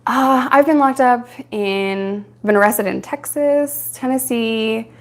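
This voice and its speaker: A woman's voice: fairly high pitch, slow. A young adult woman from New York, hosting a casual live-stream Q&A and telling stories frankly, with frequent laughs. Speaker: live-stream host answering viewer questions.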